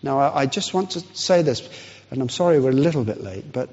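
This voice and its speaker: A man preaching a sermon, telling a story with pauses and restarts. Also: medium pitch, husky. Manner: storytelling, pauses and restarts, lively rise and fall. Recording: dull lo-fi sound in long hall reverb.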